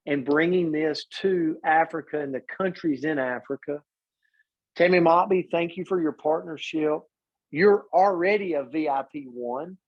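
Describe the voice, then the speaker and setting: A man's voice: fairly high pitch, lo-fi sound. A man hosting a business video call, rallying listeners with direct questions.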